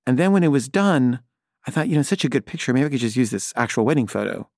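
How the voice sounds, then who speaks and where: A man's voice: mid-range voice, expressive, quick pace, darkish tone, no echo, clean studio sound. A middle-aged man, a filmmaker, telling a personal story in a hesitant, wry, rambling way with many fillers and restarts.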